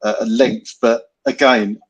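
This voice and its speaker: A man's voice: mid-range voice, steady tone, measured pace, breathy edge, dull audio. A man hosting a football podcast, running through the match minute by minute in casual chat. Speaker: podcast host.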